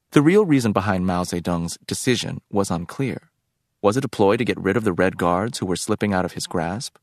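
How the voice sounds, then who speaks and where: A man reading a novel aloud as narrator in a measured, reflective way. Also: low-pitched, no echo, clean studio sound. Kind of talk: scripted audiobook narration.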